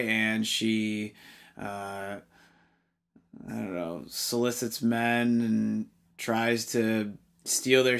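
A man's voice: mid-range voice, bright, forceful tone, clear, resonant tone. A man hosting a casual film review, talking in an exasperated, rambling way with fillers and restarts.

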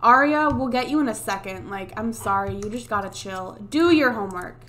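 Brief: woman gamer, higher-pitched, fed up, cursing at her sims, desk mic. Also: animated, fairly quick, fairly bright tone. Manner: exasperated, swears, scolds game characters. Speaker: Let's Play gamer. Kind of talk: casual gameplay commentary. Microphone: USB desk mic.

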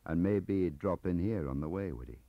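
Man doing a softly menacing investigator. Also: a little fast, vocal fry, no echo. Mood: quietly menacing. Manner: soft, low monotone. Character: quiet, menacing male investigator. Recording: muffled tape audio.

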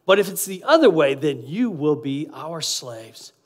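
A preacher acting out a taunting giant warrior. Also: male voice, on the high side, sing-song. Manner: slow, taunting challenge.

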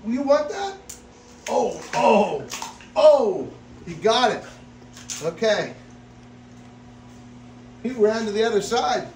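A man hosting a casual vlog at an exotic pet store, excitable, often bursting into laughter and loud exclamations while feeding animals. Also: sits high, slow, long pauses, a little hiss or hum. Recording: echoey room.

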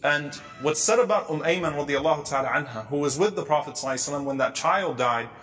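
A man giving an earnest storytelling religious lecture, weaving in Arabic phrases and slowing down for emphasis. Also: a little high, a bit bright, faint music behind. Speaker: Islamic lecturer. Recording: long reverb of a lecture hall.

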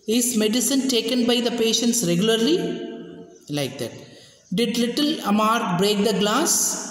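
Teacher, drilling grammar examples, checks in often; very echoey room with long reverb. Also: medium pitch. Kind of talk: grammar lesson.

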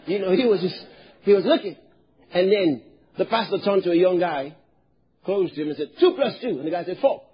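A man from Nigeria preaching a sermon as pastor, animated, drawing responses from the congregation and rising to loud emphatic shouts. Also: high-pitched, brisk, long pauses, slightly rough, lo-fi sound.

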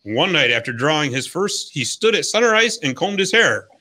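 Bright, lively-voiced podcast host. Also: male voice, on the high side, moderate pace. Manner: upbeat, jokey storyteller. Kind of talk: scripted history segment and casual chat.

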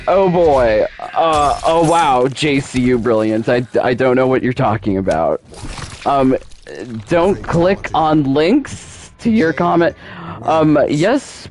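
Exasperated man with a lively, high voice. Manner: exasperated, repeats himself, talks to himself and chat. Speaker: gaming streamer. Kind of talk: live gameplay commentary.

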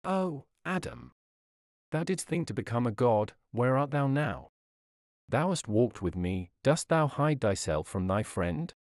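A man reading a sermon aloud, voicing God calling out for a lost man in a soft, sorrowful and plaintive voice. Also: mid-range voice, lively intonation, unhurried, no room sound, studio quality. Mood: mournful.

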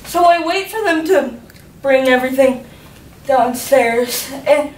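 High-voiced teen girl, distant and echoey. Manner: chatty, filled with "like", laughing often. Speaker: youth group member giving a testimony. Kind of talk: personal faith testimony talk. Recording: echoey room, faint ambience, from far off.

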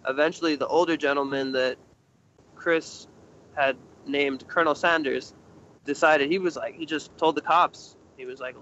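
This young interview guest, an urban explorer, speaks at a moderate pace in a fairly high-pitched voice. Telling his story casually, he acts out what others said with an animated, raised voice, and the recording sounds slightly muffled with faint noise.

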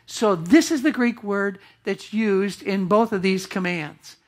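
A woman's voice: medium pitch, measured pace. Emphatic woman pastor preaching. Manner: emphatic, with rhetorical questions to the congregation. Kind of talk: sermon. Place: church.

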